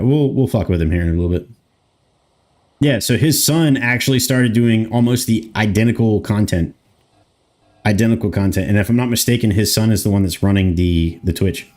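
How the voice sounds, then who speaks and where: A man's voice: lowish voice, darkish tone. An American man around thirty, streaming a game and chatting loosely with his viewers, rambling and swearing casually. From United States. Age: 30s. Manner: rambling, talks back to chat, swears casually. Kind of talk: casual gameplay commentary reading chat.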